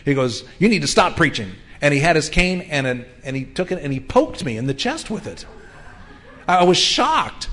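A man's voice: fairly high pitch, big pitch swings, normal speed, fairly bright tone. Earnest middle-aged male pastor preaching. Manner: earnest, conversational preaching with frequent ums. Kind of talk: sermon.

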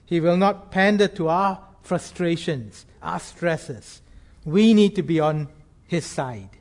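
A man with a voice on the high side preaches a sermon earnestly and in a measured way. He slows down to put stress on key phrases.

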